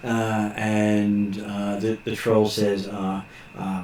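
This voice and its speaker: A man narrating as game master of a tabletop game, pausing often on fillers as he describes the scene. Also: on the low side, monotone, a little mellow. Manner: halting, many filler pauses. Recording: echoey room with faint noise.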